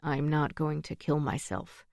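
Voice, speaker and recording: A woman's voice: low voice, a little slow, vocal fry, darkish tone, no room sound, studio quality. A woman voicing an evasive, frightened male senator. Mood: defensive. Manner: defensive, uneasy.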